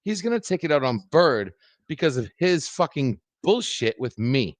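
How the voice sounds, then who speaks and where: A man's voice: a little high, big pitch swings, moderate pace, dry recording. Profane, heated ranting man. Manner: heated, profane, repeats himself. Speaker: live streamer. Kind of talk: angry ranting livestream.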